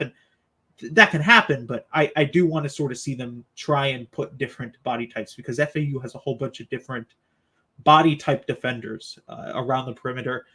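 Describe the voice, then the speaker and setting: Chatty male sports podcast host. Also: mid-range voice. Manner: chatty, asks co-hosts for predictions. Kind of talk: casual sports podcast chat.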